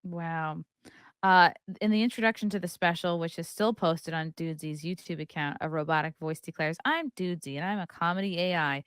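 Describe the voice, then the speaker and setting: A woman with a fairly low voice hosts a casual podcast. She talks candidly, reading quotes aloud and then riffing. The sound is dry with no room echo. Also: fairly quick, smooth. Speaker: podcast host.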